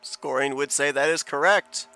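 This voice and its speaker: A man commenting on a sim race broadcast in quick, chatty play-by-play with bursts of excitement. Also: fairly high pitch, faint music behind.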